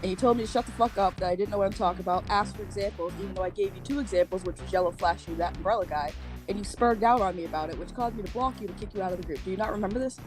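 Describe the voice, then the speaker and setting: A woman's voice: medium pitch, very fast, music in the background. A woman in a heated online argument, pressing her questions persistently.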